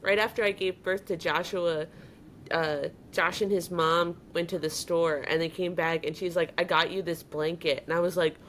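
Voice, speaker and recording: A woman with a somewhat low voice telling little family stories in casual chat and laughing often. A faint low rumble sits behind her. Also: steady tone, moderate pace, a bit bright. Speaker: podcast guest, co-host's wife.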